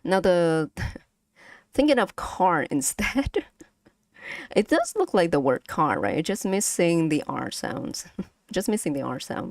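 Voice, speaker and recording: A woman's voice: sits low, very animated, slow, gravelly, dry recording, studio quality. Giggly Vietnamese-accented woman teaching tones. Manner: playful, giggly, drills tones aloud. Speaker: vtuber language streamer. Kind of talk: casual language lesson to stream chat.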